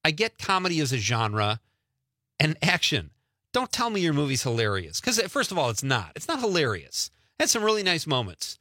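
A middle-aged male radio host talking casually in the studio, his voice bright and lively, bouncing all over his pitch. He sounds opinionated and laughs easily, close to a dry microphone. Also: fairly quick, dry recording. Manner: animated, opinionated, laughs often. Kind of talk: casual talk radio banter.

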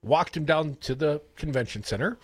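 A man with a Wisconsin accent hosting a radio show, telling rambling stories in a casual, animated way. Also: a little high, normal speed, slightly rough, no echo. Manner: chatty, rambling storyteller, animated. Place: radio studio. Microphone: studio broadcast mic.

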